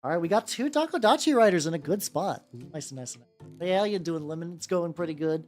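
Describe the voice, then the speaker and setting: A woman's voice: fairly low pitch, expressive, a little fast, darkish tone. A woman streaming while she paints miniatures, rambling casually, swearing freely and greeting her chat by name. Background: faint background music.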